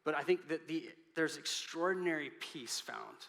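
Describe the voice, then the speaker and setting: A pastor preaching a sermon, earnest, building up and then dropping to a soft voice. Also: male voice, a little high, normal speed, creaky. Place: church sanctuary. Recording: reverberant hall.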